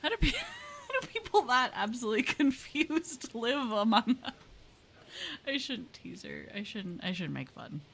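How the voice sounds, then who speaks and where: A young woman streaming live, chatting casually with viewers, bubbly and talkative with loud exclamations. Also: fairly high pitch, wildly swooping pitch, a little slow, slight background noise. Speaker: VTuber streamer.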